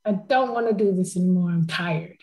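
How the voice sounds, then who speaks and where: A woman's voice: fairly low pitch, fairly quick, darkish tone, poor audio. A woman talking in a casual conversation, telling a personal story with emotion and frequent laughter.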